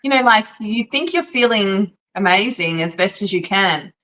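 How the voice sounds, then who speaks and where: A woman's voice: mid-range voice, lively intonation, moderate pace, a bit bright. A woman with an Australian accent, a guest in an interview, telling her story eagerly and laughing often.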